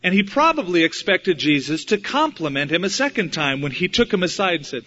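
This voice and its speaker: A man preaching a sermon with a somewhat high voice, acting out each quote in his story as he goes. He swings from hushed to loud. The recording sounds dull and lo-fi. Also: very animated, fairly quick. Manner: dramatic, acts out quotes with shifting pitch and volume.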